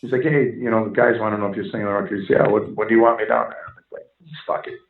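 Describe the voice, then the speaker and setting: A man, telling music stories in a casual interview, animated and swearing freely. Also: on the low side, racing. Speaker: musician guest. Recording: echoey, dull lo-fi sound.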